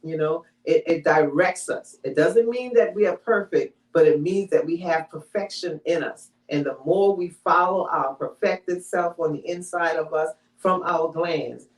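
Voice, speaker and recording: A woman giving a conversational sermon, teaching in a relaxed way and often checking in with the congregation with "all right?" and "you know". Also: sits low, unhurried, few pauses. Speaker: preacher. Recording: echoey room, mic from far off.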